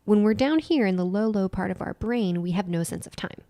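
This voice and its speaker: A woman talks through an idea step by step in a relaxed podcast chat, circling back to repeat the key phrases. Her voice sits at a medium pitch and sounds close and dry, with no room in it. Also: fairly quick, no room sound. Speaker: podcast co-host and nutritional therapist. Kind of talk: casual explanatory podcast chat.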